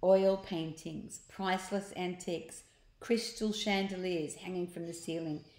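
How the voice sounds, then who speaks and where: A woman reading a children's book aloud, pausing to explain words and pictures to young listeners. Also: fairly low pitch, steady tone, darkish tone. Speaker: storyteller. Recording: echoey room.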